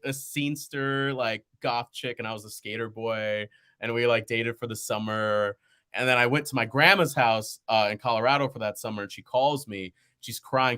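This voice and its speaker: A young man, a podcast guest, telling stories in casual chat, animated and laughing often as he acts out quoted voices. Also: mid-range voice, clean tone.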